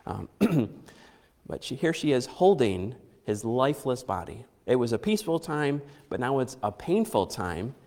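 A man in his thirties preaching a sermon in an earnest, halting way, often restarting his phrases. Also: mid-range voice, very animated, a little mellow, in a large hall. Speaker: pastor.

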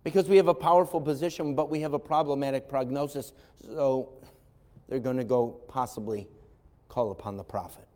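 Animated pastor, voice ringing in a hall. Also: male voice, mid-range voice, a little fast. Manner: animated storyteller, acting out voices, wry asides. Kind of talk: sermon. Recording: long hall reverb.

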